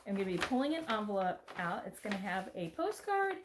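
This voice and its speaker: A woman's voice: mid-range voice, big pitch swings, fairly quick, background noise. A middle-aged woman from the United States, chatting casually and rambling a little as she unboxes gifts on her home vlog. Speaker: vlogger. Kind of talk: casual chat.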